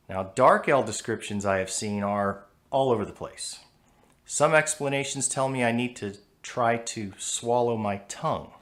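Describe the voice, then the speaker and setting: This American man patiently teaches pronunciation, demonstrating sounds in a measured explanatory lesson. His voice is mid-range and a bit bright.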